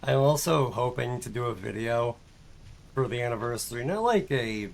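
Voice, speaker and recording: A man's voice: medium pitch, animated, normal speed, creaky. A young man streaming a game, chatting casually in a rambling, self-mocking way and laughing often. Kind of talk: casual chat while gaming.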